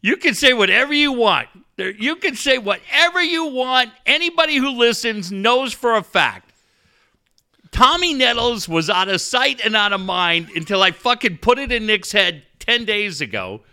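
A man's voice: very high-pitched, very animated, normal speed, bright, forceful tone, smooth. A man hosting a sports radio show, ranting sarcastically and swearing constantly. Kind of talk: profane sports talk rant.

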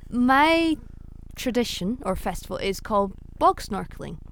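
A woman's voice: on the high side, sing-song, a little slow, vocal fry, slight background noise. A woman co-hosting a podcast, explaining things patiently in casual chat. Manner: explaining patiently, laughs easily. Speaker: podcast co-host.

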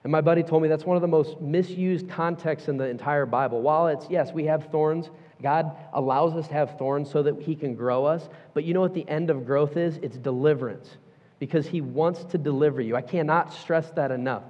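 A man preaching in an echoey church auditorium, his voice sitting a little high for a man. He talks emphatically yet conversationally, dropping casual asides. The sound is slightly dull and muffled. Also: fairly quick. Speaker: pastor. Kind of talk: sermon.

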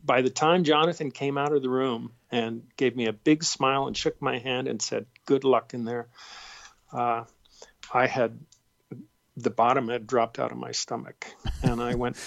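Male actor, gravelly, warm, self-deprecating, halting, dry muffled recording. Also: mid-range voice, no room sound. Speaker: guest actor. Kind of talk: interview, storytelling.

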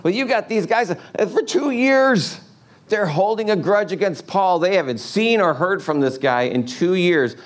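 A man's voice: high-pitched, lively intonation, unhurried. A man preaching a sermon in a casual, joking way, asking the congregation lots of rhetorical questions. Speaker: pastor.

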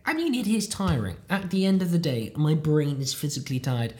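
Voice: medium pitch, expressive, quick pace, a little mellow. British podcaster rambling on solo, self-deprecating, swears a bit, goes off on tangents. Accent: British English. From United Kingdom. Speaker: podcast host, language learner. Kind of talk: casual rambling monologue.

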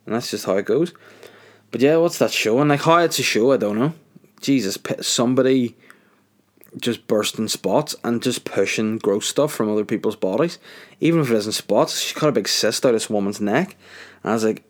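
A man's voice: medium pitch, fairly quick. A young man rambling through a crude comedic monologue, swearing constantly.

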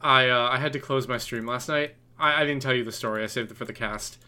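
A man's voice: medium pitch, fairly even intonation, fast, pushed and bright, smooth. A man co-hosting a podcast, telling a long story in a casual, rambling way, full of fillers and restarts. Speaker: podcast co-host.

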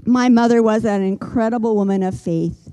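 Older woman preaching in a mellow, earnest voice. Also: fairly high pitch, clear, resonant tone, low-quality recording. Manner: earnest, gentle preaching with slow emphatic pauses. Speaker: pastor. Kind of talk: sermon.

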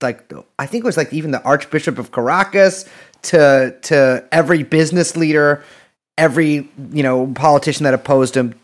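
At a moderate pace and a slightly high pitch, a male podcast co-host keeps things casual. His chat wanders, loaded with jokes, swearing and frequent false starts.

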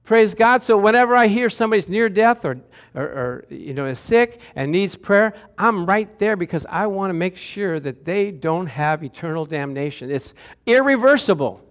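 A man preaching a sermon to a congregation, animated and calling out to them for answers. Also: sits high, normal speed. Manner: animated, calls out to the congregation for responses. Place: church sanctuary with a congregation.

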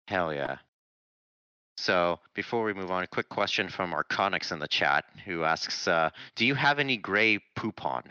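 Male podcast host, lower voice, bright edge, joking and relaxed, dull lo-fi mic. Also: normal speed, clean tone, no room sound. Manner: laid-back, joking, reads questions from the chat. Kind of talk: casual chat.

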